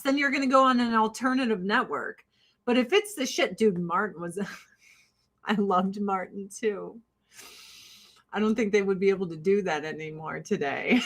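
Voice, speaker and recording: A woman's voice: medium pitch, moderate pace. A middle-aged woman hosting a casual talk show, rambling and swearing as she tells stories. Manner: rambling, profane, animated storytelling. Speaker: podcast host. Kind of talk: casual chat.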